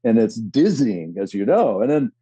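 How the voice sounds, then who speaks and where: A man guest on a podcast telling animated, rambling stories in casual chat. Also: medium pitch, normal speed, husky, no room sound, dull audio.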